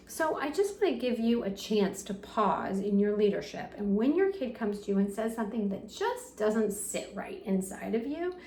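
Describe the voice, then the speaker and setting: A middle-aged woman coaching parents in a gentle, soothing lesson, softly acting out the phrases she suggests. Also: medium pitch, animated, normal speed, few pauses, echoey room, slight background noise. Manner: gentle, soothing, acts out soft example phrases. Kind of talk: talking-head parenting lesson.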